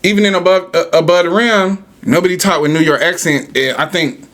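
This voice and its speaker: Animated profane man ranting on a podcast. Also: high voice, brisk. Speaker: podcast host. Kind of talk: casual podcast rant.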